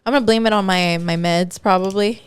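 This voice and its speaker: A woman co-hosting a podcast, chatting casually and telling stories in an animated, profane way. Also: medium pitch, brisk, clear, resonant tone, no room sound. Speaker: podcast co-host. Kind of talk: casual chat.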